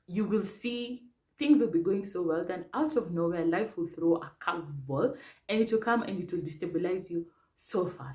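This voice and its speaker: A young woman with a Kenyan accent, telling a personal story to camera in a chatty, animated way with lots of fillers. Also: fairly low pitch. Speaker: vlogger.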